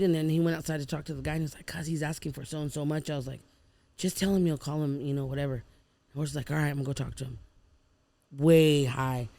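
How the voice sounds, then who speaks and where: A woman with a gravelly, creaky voice tells her story as a podcast guest in a loose, conversational way. She slips into the voices of the people she quotes and the prayers she said, keeping the telling lively and personal. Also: deep voice, no echo. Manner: animated, acts out quoted people with slang and prayer. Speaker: podcast guest, food truck owner.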